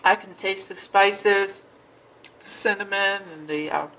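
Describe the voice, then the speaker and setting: A woman's voice: mid-range voice, a little slow, poor audio. A woman chatting casually in her home kitchen as she mixes and tastes her baking for a cooking vlog. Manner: relaxed, chatty, talks while tasting food. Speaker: vlogger.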